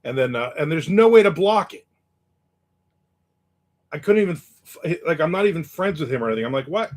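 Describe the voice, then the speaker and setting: A man's voice: a little high, animated, fairly quick. A man hosting a casual live chat, telling stories in a wry, cynical way and reading out viewer comments. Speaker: host.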